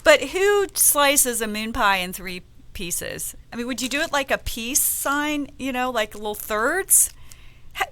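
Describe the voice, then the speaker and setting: A woman from the American South hosts a casual web radio chat, spinning a story with playful asides. Her voice is bright and forward. She keeps things lively and conversational. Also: medium pitch. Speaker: host.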